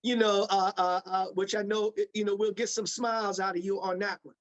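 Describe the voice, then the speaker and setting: A man's voice: high-pitched, little pitch movement, fairly quick, muffled recording. A man hosting an interview who stammers and repeats words as he frames his questions. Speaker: interviewer, host. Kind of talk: casual interview talk.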